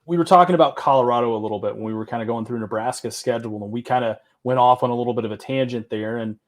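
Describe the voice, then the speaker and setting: A man with a Southern American accent hosts a casual sports podcast. He talks in a relaxed, rambling way, with loose asides and the odd curse. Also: mid-range voice, racing. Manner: laid-back, rambling, swears casually. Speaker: podcast host.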